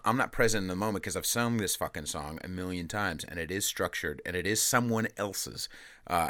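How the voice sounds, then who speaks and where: Bright-voiced, rambling, profane podcast host. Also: male voice, lowish voice, no echo, clean studio sound. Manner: profane, rambling, self-interrupting. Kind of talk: casual chat. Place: rented recording room. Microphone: studio mic with pop screen.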